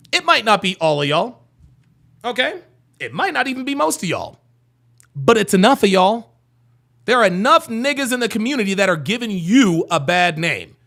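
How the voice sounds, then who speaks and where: A man's voice: extremely high pitch, vocal fry. A man hosting a live stream, reading chat comments aloud and answering them with profane, mocking rants. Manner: profane, mocking, animated ranting. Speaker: livestream host reading chat.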